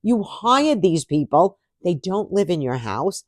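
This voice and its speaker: A woman's voice: lowish voice, big pitch swings, a little slow, dry recording, clean studio sound. A woman vlogger talking casually to camera, chatty and sarcastic, laughing often.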